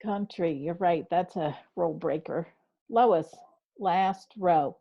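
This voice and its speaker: Slow, patient woman teaching over a video call. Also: lowish voice, dull audio. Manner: patient, encouraging, narrates her screen actions. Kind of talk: online class lesson.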